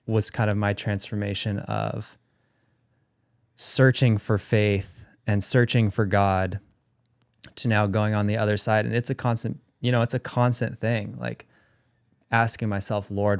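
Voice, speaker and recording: A man telling a personal faith story in a slow, reflective, sincere way. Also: lowish voice, little pitch movement, gravelly, clean tone, no room sound, clean studio sound. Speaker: podcast guest.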